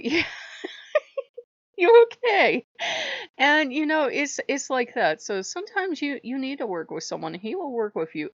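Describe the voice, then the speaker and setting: A woman's voice: lowish voice, fairly bright tone, dry recording. A woman chatting casually to camera in a rambling way, laughing often and speaking frankly with some swearing. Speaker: vlogger. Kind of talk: casual chat. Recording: dull lo-fi recording.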